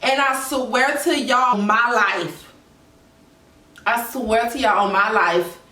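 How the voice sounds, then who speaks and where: Speaking slowly in a high-leaning, bright voice that sounds pushed, a young woman shares a personal story with her viewers. It's a storytime vlog, candid and emotional, captured by a distant mic in an echoey room.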